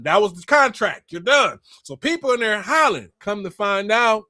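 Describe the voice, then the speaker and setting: A man retelling a scripture story in a casual, profane and animated way, acting out the people in it. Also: high voice, no echo, studio quality. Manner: animated, profane, slangy, acts out quotes. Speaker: spiritual commentator.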